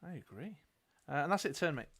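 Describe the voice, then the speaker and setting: A man's voice: on the high side, big pitch swings, quick pace, fairly bright tone. Chatty British man playing a dice game. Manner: chatty, thinks aloud while reading cards and counting dice. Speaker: game show co-host. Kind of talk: casual live game commentary.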